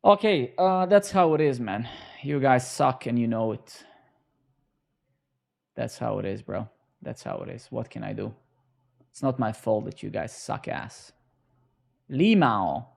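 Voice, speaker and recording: A young man with a gravelly, creaky voice talks slowly and unhurriedly. He streams himself coding and throws sarcastic, profane jabs at his chat between lines of work. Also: medium pitch, animated, a little mellow. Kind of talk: casual live-stream banter while coding.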